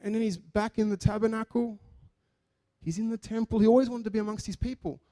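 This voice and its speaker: A man with a high-pitched voice preaches fast, weaving stories into his sermon. He's animated and chatty, cracking jokes and acting out the people and quotes he describes.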